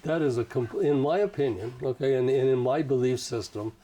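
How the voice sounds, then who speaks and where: A man's voice: mid-range voice, fairly quick, dark tone. A man being interviewed, who talks in a folksy, rambling way and leans often on "you know" while he tells stories. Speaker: interview guest. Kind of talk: casual conversational storytelling.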